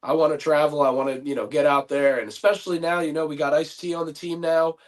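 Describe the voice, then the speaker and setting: A man with a fairly high voice talks as a guest on a podcast. He speaks in easygoing casual chat and fills his pauses with hesitant ums. He agrees readily with the others. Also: little pitch movement. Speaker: wrestler guest.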